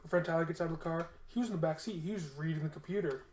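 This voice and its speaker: A man co-hosting a podcast, telling a story in a casual, animated and profane way. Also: fairly high pitch, rapid-fire, echoey room. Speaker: podcast co-host.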